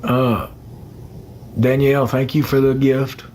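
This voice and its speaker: A man's voice: medium pitch, flat delivery, slow pace, darkish tone, slight background noise. A young man chatting casually on a phone livestream, rambling and greeting commenters by name.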